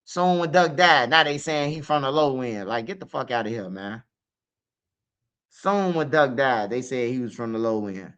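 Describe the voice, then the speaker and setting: A man's voice: medium pitch, lively intonation, moderate pace, fairly bright tone, clean tone. Streetwise man with muffled stream sound. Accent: Chicago. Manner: streetwise, profane, lots of "man" and "bro" fillers. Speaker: guest telling his story. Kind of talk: casual storytelling.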